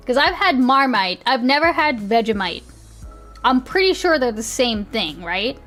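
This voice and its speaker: A young woman streamer rambles through a casual chat with her viewers, laughing often and swearing easily. Her voice sits a bit high, and faint music plays underneath. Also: very animated, unhurried, fairly bright tone.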